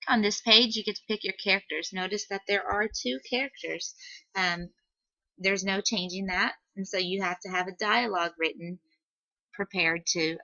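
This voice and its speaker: A woman teacher giving a patient, step-by-step screen-recorded software tutorial on a computer microphone, with "um" fillers. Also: mid-range voice, dry recording, lo-fi sound.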